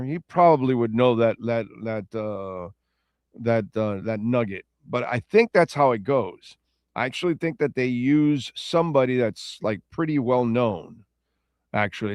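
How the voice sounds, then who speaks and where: Medium in pitch and recorded with no room sound, this man hosts a casual radio talk show. He wanders chattily through listener comments, repeatedly correcting himself.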